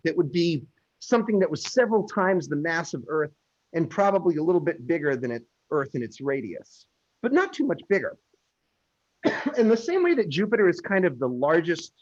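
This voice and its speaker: A man's voice: fairly high pitch, husky. A man lecturing on astronomy in an online class, informal and jokey, explaining step by step. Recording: dull lo-fi audio.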